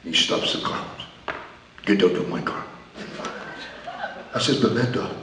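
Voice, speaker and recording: A man's voice: lowish voice, measured pace, noisy background, natural voice. A man acting out a one-man stage show, telling brash, profane stories about his wrestling days in a theater. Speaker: stage performer. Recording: echoey hall from far off.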